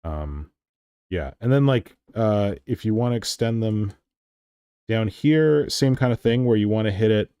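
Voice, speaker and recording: A man's voice: sits low, dark tone, no room sound, studio quality. A man hosting a hobby stream, chatting casually while he shows how to modify model parts and talks through gluing them. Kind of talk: casual chat and hobby demonstration.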